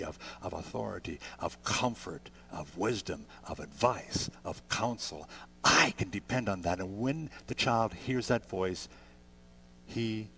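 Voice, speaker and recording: Older pastor preaching in an easy, conversational way. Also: male voice, lowish voice, vocal fry, slight background noise. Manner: conversational preaching that builds to emphatic peaks. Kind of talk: sermon.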